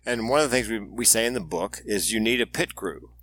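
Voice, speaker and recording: Bright-toned man telling candid stories. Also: lowish voice, quick pace. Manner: candid storytelling with dry humor. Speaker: guest, suicide prevention speaker. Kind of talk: podcast interview.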